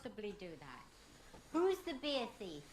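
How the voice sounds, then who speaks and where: A man doing a high soft falsetto as a sweet, doting older British woman, talking in a cooing sing-song. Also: wildly swooping pitch, moderate pace, roomy sound.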